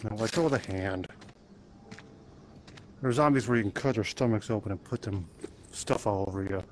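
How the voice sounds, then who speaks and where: A man's voice: fairly low pitch, normal speed, background noise. A man playing a zombie game, chatting playfully to himself and to the enemies as he goes. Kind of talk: let's play commentary.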